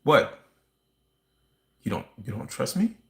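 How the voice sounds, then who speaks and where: A man's voice: mid-range voice, sing-song, slow, gravelly, full character voice. Man putting on a whiny, guilt-tripping narcissist. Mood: mock-indignant. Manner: mock-pleading, indignant, sing-song. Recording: roomy echo.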